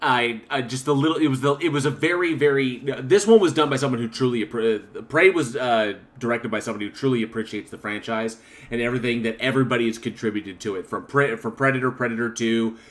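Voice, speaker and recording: A man's voice: mid-range voice, fast talker, fairly bright tone. A man hosting a casual podcast, reading viewer comments aloud with frequent laughter. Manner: reads chat comments aloud, laughs often. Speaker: podcast host. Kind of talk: casual chat.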